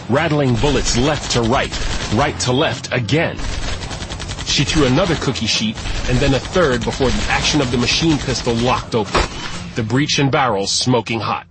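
A man narrating an audiobook in a steady, measured storytelling voice. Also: mid-range voice, rough recording. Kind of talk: scripted narration.

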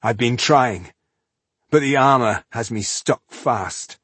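A man voicing a bad-tempered one-eyed male dwarf warrior who snaps impatiently, with a husky voice. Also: mid-range voice, slow, fairly bright tone, no echo, pitched above the performer's own voice. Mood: cross. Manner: impatient, grumbling, snappish.

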